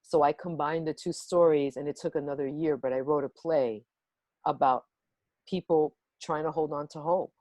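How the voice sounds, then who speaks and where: A woman telling a personal story to a workshop on a video call, animated and acting out the voices in it. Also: low voice, moderate pace, dry recording. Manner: animated, acts out the voices in her stories. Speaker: workshop guest speaker.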